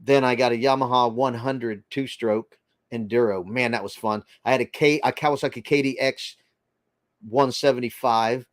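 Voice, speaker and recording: A man's voice: mid-range voice, steady tone, normal speed, dry recording, clean studio sound. An older man hosting a casual livestream, chatting loosely and reading viewer comments aloud. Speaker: livestream host reading chat.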